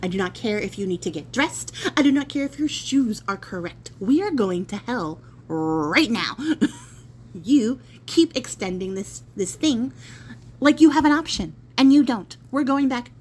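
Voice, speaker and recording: A woman's voice: on the high side, animated, a little slow, darkish tone, breathy edge, rough recording. A woman voicing the devil as an impatient, exasperated male ruler of hell in a spoken story. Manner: exasperated, bossy.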